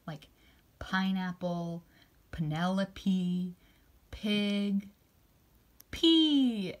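Casting: low-pitched woman, slow and encouraging, teaching children letter sounds. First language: English.

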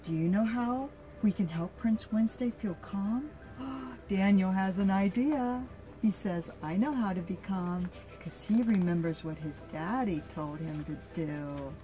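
An older woman reading a picture book aloud to her grandchild, slow and gentle, stopping to ask the child questions. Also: mid-range voice, soft background music.

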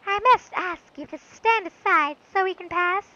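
A smug male villain boss, as a woman puts him on, pushed into a very high, bright, girlish squeak. The lo-fi, dull recording takes the edge off the sound. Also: normal speed. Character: male villain gang leader voiced girlish.

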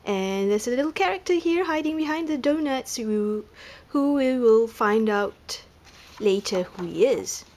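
A woman reading a children's picture book aloud in an amused, lively way. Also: a little high, a little slow. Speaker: reader.

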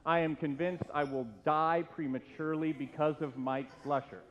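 A man's voice: on the high side, normal speed. A middle-aged man, a former youth pastor, tells a self-mocking story as a tribute at a church retirement party. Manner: self-deprecating, animated storyteller. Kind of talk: humorous anecdotal tribute speech. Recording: echoey hall, dull lo-fi, faint hiss.

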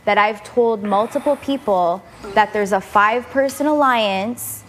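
A woman's voice: mid-range voice, measured pace, a little hiss or hum. A young woman on a reality show, making an emotional, confrontational speech at a house meeting. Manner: emotional, confrontational, defending herself.

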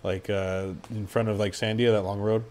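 A man's voice: lowish voice, little pitch movement, normal speed. A man from New Mexico co-hosting a paranormal podcast, chatting casually in a loose, profane way and laughing often. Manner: loose and profane, laughs often, swings into loud mock shouting. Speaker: podcast co-host. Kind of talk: casual chat.

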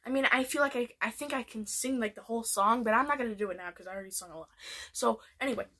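A woman's voice: a little high, quick pace, a bit bright, breathy edge. A woman chatting casually in a vlog, rambling with many restarts. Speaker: vlogger. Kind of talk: casual vlog chat ranking TV shows.

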